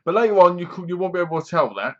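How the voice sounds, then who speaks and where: A man recapping a horror film's plot in a rambling, casual way, dropping his voice low to quote the characters. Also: expressive, rapid-fire, muffled recording. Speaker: film reviewer.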